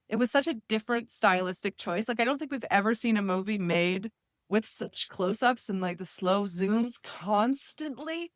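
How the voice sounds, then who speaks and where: A woman guest on a podcast in casual chat, wry and halting with many restarts. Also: fairly high pitch, dry recording, studio quality.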